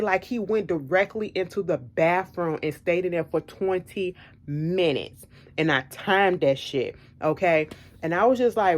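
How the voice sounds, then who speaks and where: A woman chatting to her viewers in a casual storytelling vlog, low-ish voice. She is animated and emphatic, driving her points home by repeating them. Her delivery is blunt and unfiltered. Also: normal speed. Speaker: vlogger.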